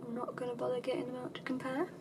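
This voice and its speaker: A woman chatting casually through a makeup tutorial, self-deprecating and dryly sarcastic, with her voice sometimes dropping low. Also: monotone, racing, noisy background. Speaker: beauty vlogger.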